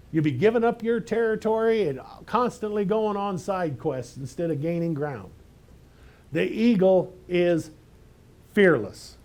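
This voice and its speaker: Male pastor, slightly higher voice, conversational but emphatic preaching, lots of rhetorical questions. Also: darkish tone. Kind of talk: sermon.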